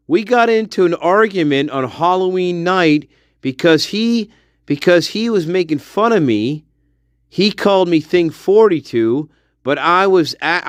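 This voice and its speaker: A man's voice: fairly high pitch, no room sound, clean studio sound. A man mocking a petulant self-absorbed young woman. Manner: mocking impersonation.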